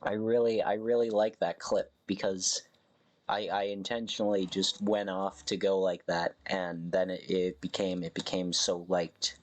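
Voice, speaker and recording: Male streamer, unhurried chatty commentary, rambling self-corrections. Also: sits low, little pitch movement. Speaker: game streamer. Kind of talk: casual live game commentary.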